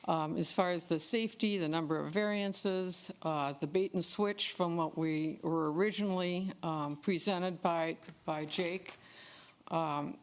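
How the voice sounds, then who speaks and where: A woman with a slightly low voice stands at a council meeting to speak against a proposal. She is firm and opposed, and she repeats phrases for emphasis. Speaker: resident giving public comment. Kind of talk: public comment at a council meeting. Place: council chamber.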